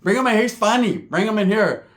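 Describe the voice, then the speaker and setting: A man voicing a loud, crude middle-aged aunt. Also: high voice, animated, fairly quick, pitched above the performer's own voice. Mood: brash. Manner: crude, shouting.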